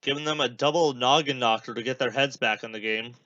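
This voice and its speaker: A man's voice: mid-range voice, fairly quick, sharp tone, no echo, muffled recording. A young man hosting a podcast, rambling casually through a watch-along with lots of filler words. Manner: rambling, many fillers, chatty asides. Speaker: podcast host.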